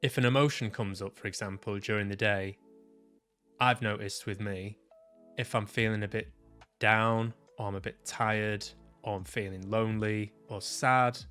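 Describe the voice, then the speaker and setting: A man vlogging about his own experience, reflective and halting, often restarting his sentences and swearing casually. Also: fairly low pitch, fairly even intonation, a bit bright, clean tone, faint music behind. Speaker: vlogger sharing personal experience. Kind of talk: reflective personal vlog monologue.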